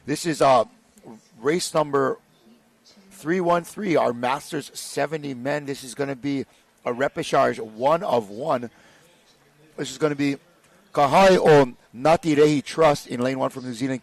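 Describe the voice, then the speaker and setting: A man's voice: a little high, unhurried, no room sound. A man doing live race commentary in a joking, laid-back way. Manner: joking, laid-back, calls people bro.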